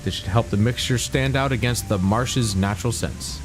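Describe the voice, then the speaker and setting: A man's voice: mid-range voice, normal speed, over music, natural voice, poor audio. A man voicing a male wildlife expert from a video game, reading the lines aloud with a slight put-on accent. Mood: matter-of-fact.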